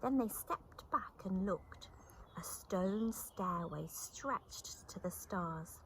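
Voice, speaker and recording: A woman telling a children's story, expressive and animated, slipping into soft whispers. She takes it slowly and lets her voice rise and fall widely. A faint hiss of noise runs underneath. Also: medium pitch, poor audio. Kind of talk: storybook reading.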